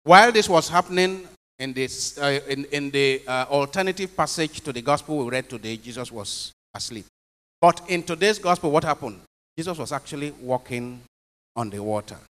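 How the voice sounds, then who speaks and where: Priest preaching in a reverberant chapel. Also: male voice, a little high, expressive, moderate pace, fairly bright tone. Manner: preachy, emphatic, asks the congregation questions. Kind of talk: homily.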